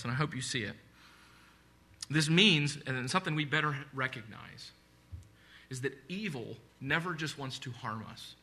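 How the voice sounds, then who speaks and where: Bright-voiced man preaching earnestly. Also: mid-range voice. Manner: earnest, conversational preaching with repetition and asides. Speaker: pastor. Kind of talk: sermon.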